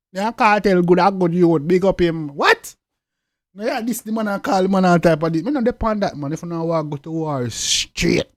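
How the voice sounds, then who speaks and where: A young man with a Jamaican accent, talking in an interview in a forceful, repetitive way with loud emphatic bursts. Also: on the high side, no room sound, clean studio sound. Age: young adult. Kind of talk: interview talk.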